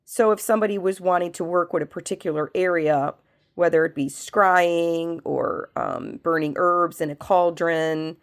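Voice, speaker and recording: A woman who has a cold, working as a medium, leads a spiritual pendulum reading and asks slow yes-no questions that she answers herself. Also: on the low side, fairly even intonation. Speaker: medium and reiki practitioner.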